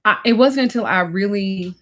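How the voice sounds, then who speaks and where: A woman's voice: medium pitch, normal speed. A middle-aged woman, a spiritual teacher and life coach, telling her own story in a candid, emotional and blunt way, swearing now and then and speaking straight to her listeners.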